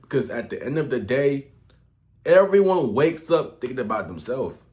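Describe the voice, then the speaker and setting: In this casual, unscripted talk-to-camera vlog, a young man who coaches online delivers a profane, slang-heavy motivational rant. He sounds out of breath, very animated at medium pitch and moderate pace, rambling with frequent restarts and lurching between mumbles and loudness.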